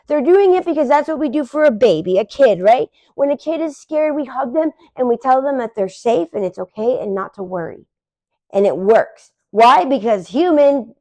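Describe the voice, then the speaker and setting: Forties woman, high voice, dog-trainer vlogger, talks emphatically and restarts often. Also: darkish tone. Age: 40s. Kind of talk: casual unscripted rant.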